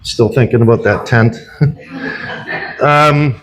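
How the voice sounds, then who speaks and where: A man's voice: medium pitch, slow pace, background noise. An older man doing stand-up in a bar, telling a long self-deprecating story with repeats and restarts. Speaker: stand-up comic. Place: bar comedy stage.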